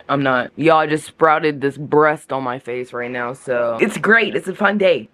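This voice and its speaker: A woman's voice: extremely low pitch, moderate pace, few pauses, fairly bright tone, faint music behind. A young woman from the United States, talking casually to camera in a travel vlog with crude, sarcastic jokes, recorded close up indoors at a friend's home. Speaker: vlogger.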